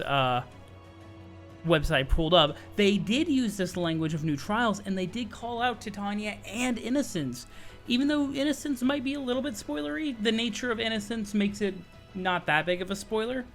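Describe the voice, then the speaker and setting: Excitable man with a higher voice. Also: faint music behind. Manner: excitable and chatty, full of slang and quick restarts. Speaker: gaming video creator. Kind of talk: casual commentary on game news.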